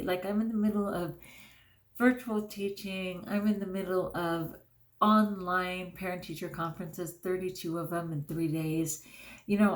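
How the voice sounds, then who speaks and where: Earnest woman teacher vlogging candidly. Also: fairly low pitch. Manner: earnest, candid, self-deprecating, with frequent fillers. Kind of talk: casual personal vlog monologue.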